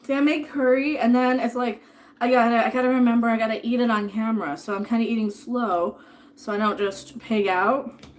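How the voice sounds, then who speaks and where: Speaking fairly quickly in a slightly high voice with a steady tone, a woman in her thirties chats on a live stream over dinner. She rambles, reads out tips from viewers and thanks them, at times with food in her mouth.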